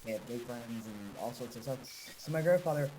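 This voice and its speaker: A man's voice: mid-range voice, a little fast, background noise. A young adult man hosting a casual interview, telling family stories with frequent laughter. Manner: animated, laughing storyteller. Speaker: host.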